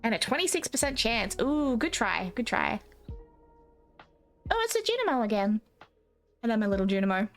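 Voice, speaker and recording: A woman streamer with an Australian accent softened by years of talking to Americans chats loosely with her viewers. Her voice sits on the higher side, and she rambles, restarts and giggles often. Faint music plays under her talk. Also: very animated, moderate pace, long pauses. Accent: Australian, slightly Americanized. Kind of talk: casual chat with live chat.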